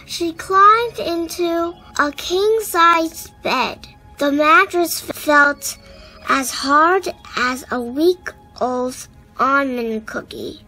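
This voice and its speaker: A woman storyteller reading a picture book aloud to children in an expressive way. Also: high-pitched, drawn-out words, soft background music, low-quality recording.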